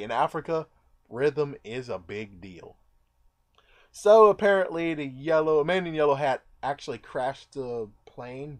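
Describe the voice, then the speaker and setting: A man casually recapping a movie in a rambling way, now and then acting out the characters' lines. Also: mid-range voice. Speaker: movie reviewer.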